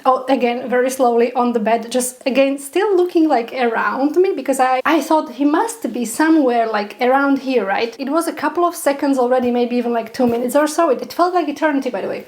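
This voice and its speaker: Young woman vlogger, high voice, chatty and animated, laughs often; casual storytelling to camera. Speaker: pet spider keeper vlogger.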